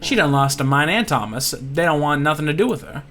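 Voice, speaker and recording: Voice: mid-range voice, expressive, brisk, fairly bright tone, lightly acted. A game player voicing a fugitive oil pirate man in a put-on Louisiana drawl, folksy and plainspoken while reading the game's dialogue aloud. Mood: gossipy.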